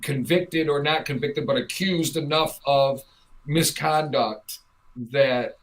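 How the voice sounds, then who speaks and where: A woman's voice: low voice, slow pace, rough recording. A transgender woman hosting a talk show, speaking frankly and arguing her points with rhetorical questions. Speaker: radio show host. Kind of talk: casual talk-show chat.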